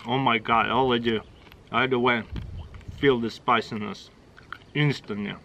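A man's voice: medium pitch, fairly even intonation, a little slow, creaky, pushed and bright, slight background noise, rough recording. A middle-aged man with a Russian accent, a native Russian speaker, hosting a casual taste-test vlog and chatting in short, exclaiming phrases. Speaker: channel host.

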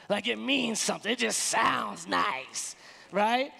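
Lively, emphatic woman preaching in reverb. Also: fairly high pitch, takes it slowly, creaky. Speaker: pastor. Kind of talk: sermon. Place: church sanctuary.

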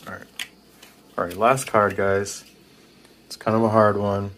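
A man who builds and sells spirit boxes. He talks in a casual, rambling way, with many restarts and excited laughs. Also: fairly low pitch, unhurried, slight background noise. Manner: casual and rambling, often hesitant. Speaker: paranormal investigator and spirit box maker. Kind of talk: casual vlog with a spirit box session. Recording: music playing loud in the background.

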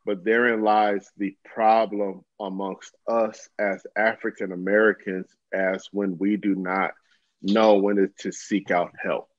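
A man's voice: lowish voice, flat delivery, slow pace, no room sound. A man co-hosting a casual talk show, speaking earnestly and with emphasis. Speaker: co-host. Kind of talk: casual chat. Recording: dull lo-fi sound.

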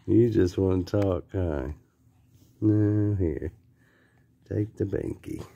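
A father in gentle, coaxing, sing-song baby talk with his infant. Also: fairly low pitch, drawn-out words, vocal fry, muffled recording.

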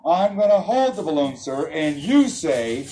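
A woman's voice: low voice, very animated, unhurried, soft background music. A woman performing as a clown at a children's birthday party, playful and teasing, laughing often as she jokes with the kids. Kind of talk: comic children's party act. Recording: loud crowd of children around. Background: shouting children.

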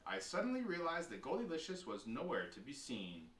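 A man reading a children's picture book aloud in a lively, expressive way. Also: mid-range voice, fairly quick, echoey room, far from the mic. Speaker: storybook reader.

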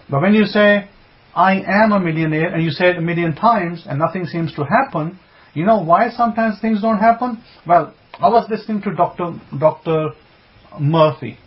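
A man from England, a rabbi giving a conversational religious teaching talk, repeating his points with emphasis. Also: on the high side. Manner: repetitive and emphatic, conversational asides. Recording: dull lo-fi recording.

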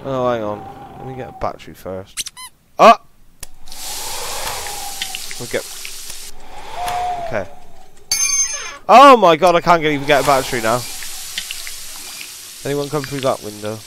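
A man's voice: mid-range voice, sing-song, a little slow, long pauses, sharp tone, slight background noise. Jumpy man playing a horror game. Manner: jittery, swearing, frightened outbursts and mutters. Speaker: gaming YouTuber. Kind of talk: horror game let's play commentary.

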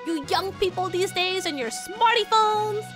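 A woman's voice: very high-pitched, a little slow, over music. A woman voicing a stern, lecturing older king scolding his daughter. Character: stern gruff older male king, father.

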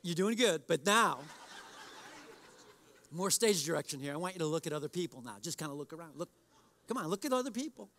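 Pastor guy preaching in church, pretty high voice, chatty and pushy, talks right to the crowd. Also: animated, fairly quick, pauses often, a bit bright. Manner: conversational, exhorting, addresses congregation directly. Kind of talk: sermon. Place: church service.

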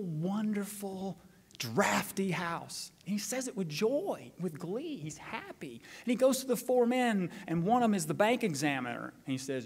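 A man's voice: high voice, moderate pace. Man preaching in a reverberant church. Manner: animated storytelling, acting out quotes. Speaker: pastor. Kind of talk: sermon with scripture reading and prayer. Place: church sanctuary. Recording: long church hall reverb.

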